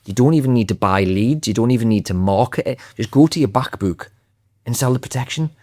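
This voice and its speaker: A man's voice: medium pitch, lively intonation, fairly quick, warm tone, no room sound, studio quality. A man speaking as a podcast guest, confident and emphatic in easy conversation. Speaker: podcast guest, sales trainer. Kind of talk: podcast interview.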